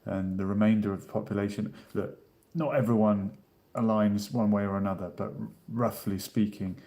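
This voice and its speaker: A man co-hosting a casual live-stream discussion, explaining at a measured pace and reading out comments from the chat. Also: fairly low pitch, fairly even intonation, mellow. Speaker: co-host.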